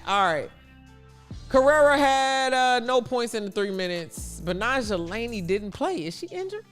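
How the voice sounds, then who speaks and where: A Chicago man hosts a casual sports livestream, chatting away and reading out answers to his viewers' chat. His voice is extremely high and sing-song, smooth and fairly bright, at a moderate pace, with soft music playing in the background.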